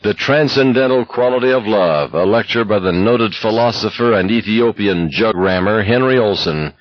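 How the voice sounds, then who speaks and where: A man's voice: fairly low pitch, moderate pace, dry recording, dull audio, pitched above the performer's own voice, close to an everyday voice. A male reader voicing a sardonic young man who jokes crudely and mocks the others. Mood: joking. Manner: wisecracking, mocking.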